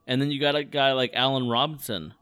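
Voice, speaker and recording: A man co-hosting a casual sports chat, talking excitedly and restarting his sentences often. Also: mid-range voice, fast talker, clear, resonant tone. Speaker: podcast co-host.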